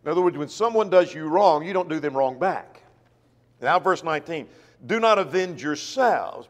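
A man's voice: fairly high pitch, big-room sound. A man preaching a sermon who reads scripture aloud and poses rhetorical questions to the congregation. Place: church auditorium.

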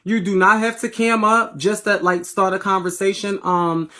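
Late at night on a phone livestream app, a Philadelphia woman bantered with her viewers, sassy and playful, full of slang and swearing as she thanks them. Her mid-range voice is a bit bright, delivered flatly at normal speed.

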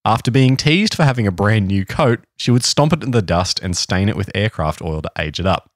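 A man's voice: lowish voice, animated, brisk, no echo, clean studio sound. An Australian man co-hosting a podcast, telling a history story in a casual, joking chat. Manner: reads history notes, jokey asides. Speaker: podcast co-host.

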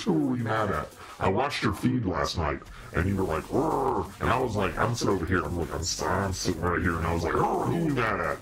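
Male streamer, very deep, lively swings, joking and mock-preachy, casual chat. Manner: playful, joking, laughs often, mock-preachy. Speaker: costumed demon-character livestreamer.

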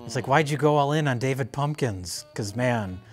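A man's voice: medium pitch, lively intonation, moderate pace, faint music behind. Sardonic man reviewing films. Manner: dry, sardonic critique. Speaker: film reviewer, co-host. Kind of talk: casual chat.

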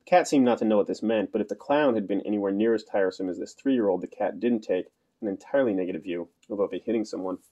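A man's voice: fairly low pitch, fast, warm tone, lo-fi sound. A man narrating an audiobook in a dry, understated storytelling manner. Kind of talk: scripted narration.

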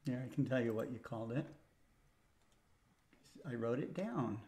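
A man with a voice of ordinary pitch co-hosts a relaxed livestream. He chats easily, adds his own asides and backs up the host's points. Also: normal speed. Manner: chatty, backs up the host. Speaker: co-host. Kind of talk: casual livestream chat.

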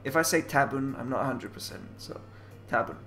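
A man's voice: mid-range voice, brisk, fairly bright tone. A man playing a game and commenting in English, working through its Japanese text line by line and often trailing off to second-guess himself. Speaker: let's player.

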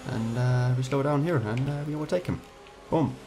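A man's voice: mid-range voice, normal speed. Frustrated man trash-talking through gameplay. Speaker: gamer. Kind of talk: casual gameplay commentary.

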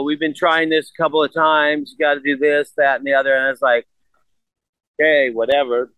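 In a low-quality recording with no echo, a mid-range-voiced man in his sixties appears as a podcast guest. He retells a story casually and with animation, quoting the back-and-forth and cursing throughout.

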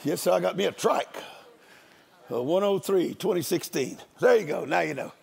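A man's voice: sits high, animated, normal speed, vocal fry, darkish tone. An older man, a guest preacher, giving a storytelling sermon in a folksy, joking country manner.

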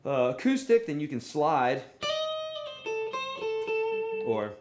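Man teaching guitar live, low voice. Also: takes it slowly. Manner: relaxed, repetitive coaching with frequent "okay?" and "right?". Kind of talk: live online guitar lesson.

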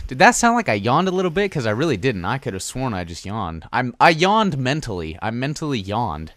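A man's voice: medium pitch, very animated, a little fast, hardly any pauses, fairly bright tone, no room sound, clean studio sound. A young man giving casual, rambling gameplay commentary, joking and crude as he plays. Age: young adult.

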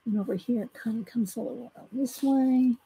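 A woman's voice: fairly high pitch, brisk, creaky, mellow, slightly rough. A woman with a Southern American accent hosting a casual live coloring tutorial. She chats with viewers, greets them by name and reads steps aloud between her own comments. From Southern United States. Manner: chatty, greets viewers by name, laughs easily. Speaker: coloring demonstration host.

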